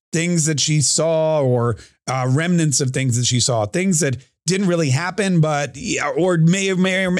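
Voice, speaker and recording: There's no echo in this clean studio take of a slightly high male voice. A podcast and radio host, he starts his show on news and opinion with a chatty, wandering political monologue peppered with restarts and asides.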